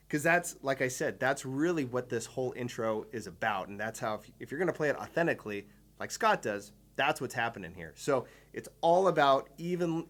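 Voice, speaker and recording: Enthusiastic drum teacher guy, mid-pitched voice, walks you through it step by step. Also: a bit bright. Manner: enthusiastic, explains step by step, counts beats aloud. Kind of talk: instructional video lesson.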